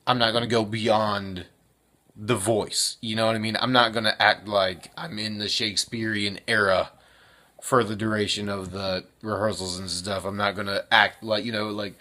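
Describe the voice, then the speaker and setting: Young guy rambling thru his daily vlog, bright tone, lotta likes and ums. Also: fairly low pitch, fairly even intonation, moderate pace. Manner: rambling, filler-heavy, chuckles often. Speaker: vlogger and actor. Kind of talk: casual daily vlog chat.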